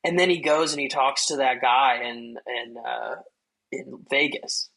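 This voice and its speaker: A man chats loosely about a film on a podcast, his voice forceful and bright with a husky edge. He rambles through plenty of fillers and breaks into acted-out quotes. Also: medium pitch, steady tone, measured pace, low-quality recording. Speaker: podcast host. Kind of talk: casual film review chat.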